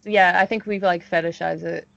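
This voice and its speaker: A woman's voice: on the low side, fairly even intonation, normal speed, gravelly, lo-fi sound, music in the background. A woman hosting a podcast in casual chat, talkative and full of "like" fillers, laughing often. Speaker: podcast host.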